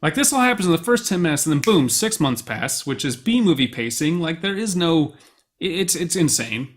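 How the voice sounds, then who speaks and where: Młody facet, współprowadzący podcast, gada luźno i z zapałem, często przeklina. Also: male voice, a little high, fairly quick. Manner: excited, rambling, swears freely. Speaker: podcast co-host. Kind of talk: casual chat.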